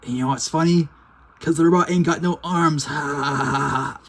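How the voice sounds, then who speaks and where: A man's voice: a little high, steady tone, a little fast, background noise, lightly acted. A man voicing a goofy male cartoon character who tells silly jokes, in a fan-made cartoon. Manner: dopey, laid-back joke telling.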